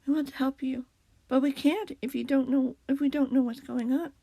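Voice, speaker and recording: A woman voices a calm, kind friend who speaks softly to reassure. The voice sits slightly high and the sound is close and dry. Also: normal speed, vocal fry, no echo. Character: gentle, reassuring male friend.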